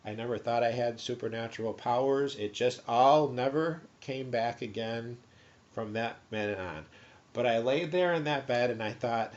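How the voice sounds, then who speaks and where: A man's voice: mid-range voice, moderate pace. A man telling a personal testimony story with animation, acting out his own stammering and past thoughts. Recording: dull lo-fi recording.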